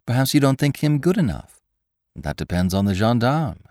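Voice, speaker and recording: A man putting on a pert young peasant girl, voice lifted well above his own, quick to tease and bristle, swinging lively up and down, dry close sound. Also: no echo. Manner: high, bright, teasing and indignant.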